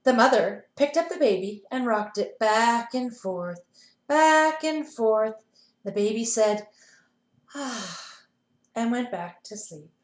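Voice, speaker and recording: A playschool teacher reading a picture book aloud to children over a video call, animated, with asides to the kids. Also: female voice, a little high, a little slow, echoey room, rough recording.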